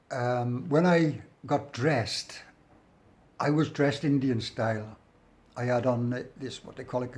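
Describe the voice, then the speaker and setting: A man's voice: medium pitch, a little mellow. Middle-aged english bloke rambling thru his story, blunt and sweary, keeps saying we gets and i goes. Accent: English, working-class. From England. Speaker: storyteller recounting his prison life. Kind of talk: casual spoken storytelling.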